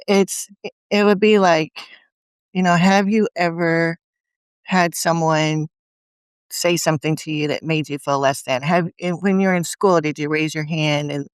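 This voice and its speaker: A woman's voice: low-pitched, no room sound. A woman guest in a conversational interview, telling earnest stories and acting out her own inner voice. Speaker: guest speaker.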